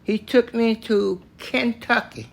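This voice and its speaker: An older man from Tennessee, slowly and plainly recounting a story from his own life. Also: very high-pitched, fairly even intonation, creaky. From Tennessee, US South. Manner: slow, plainspoken, matter-of-fact telling. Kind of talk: spoken personal story.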